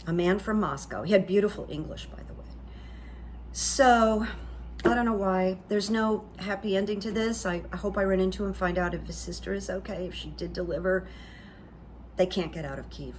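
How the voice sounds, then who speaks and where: A woman hosting her own channel, telling stories in a chatty, confiding way that trails off softly at the ends of phrases. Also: medium pitch, moderate pace. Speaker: channel host. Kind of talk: casual storytelling monologue. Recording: faint background noise.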